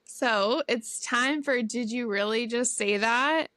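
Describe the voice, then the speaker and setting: A woman co-hosting a podcast in casual chat, speaking slowly with brief reactions. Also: on the high side, a bit bright, dry recording. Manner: slow, laughs along, brief reactions. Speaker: podcast co-host.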